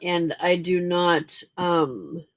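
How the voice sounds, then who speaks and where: A woman hosts a late-night crafting livestream. She sounds tired and keeps yawning, and she talks slowly in a relaxed, chatty way, greeting viewers by name as she works. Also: lowish voice, no room sound. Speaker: livestream host.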